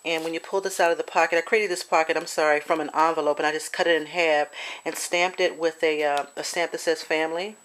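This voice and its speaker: A chatty woman with a lowish voice walks through her handmade craft piece in a casual show-and-tell. She searches for words with lots of fillers and restarts, now and then apologizing. Her tone stays homey and unscripted. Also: steady tone, quick pace, a bit bright. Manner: gets emotional and apologetic. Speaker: crafter showing a swap project.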